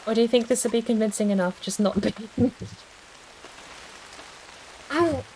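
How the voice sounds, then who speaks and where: A woman's voice: a little high, moderate pace, background noise. A woman streaming a video game, chatting casually and thinking aloud in a rambling, self-deprecating way. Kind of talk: casual gaming stream chat.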